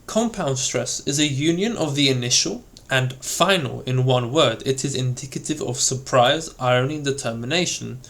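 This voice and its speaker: A man reading aloud from an old elocution textbook, explaining kinds of stress in a measured way and then declaiming the quoted examples with force. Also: medium pitch, fairly bright tone. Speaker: reader of an elocution text. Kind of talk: read-aloud lesson with dramatic recited examples.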